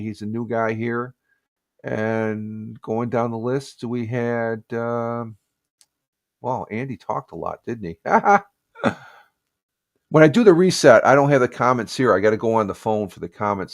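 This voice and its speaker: A man's voice: medium pitch, no room sound, studio quality. Rambling, friendly man hosting a live stream. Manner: rambling, many fillers and restarts; friendly shout-outs to viewers. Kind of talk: casual morning live stream chat.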